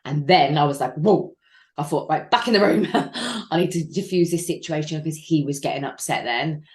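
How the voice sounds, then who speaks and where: A woman in her thirties speaks candidly as an interview guest, her voice sitting a little low. She is raw and frank, mixing dry humour with moments where she breaks into tears. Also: normal speed, darkish tone. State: crying at times. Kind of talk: candid personal storytelling.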